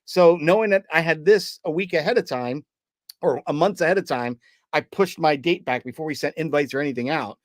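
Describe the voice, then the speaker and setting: A man with a somewhat high voice tells a story on a podcast, slipping into the voices of the people he remembers. His voice is recorded very dry, with no room sound around it. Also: a little fast, no room sound. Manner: lively storyteller who acts out remembered dialogue. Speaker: podcast co-host. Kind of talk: casual podcast chat, telling a personal story.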